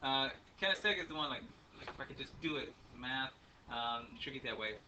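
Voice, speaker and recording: A man's voice: medium pitch, animated, fairly quick. A man teaching a math class, lecturing in a chatty, rambling way with many ums and uhs. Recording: faint room noise, speaker a bit far from the mic.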